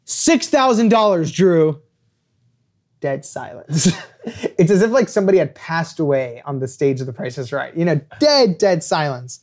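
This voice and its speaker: A young man, a podcast guest and author, telling an animated anecdote and acting out quoted lines. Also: on the high side, normal speed. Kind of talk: storytelling anecdote.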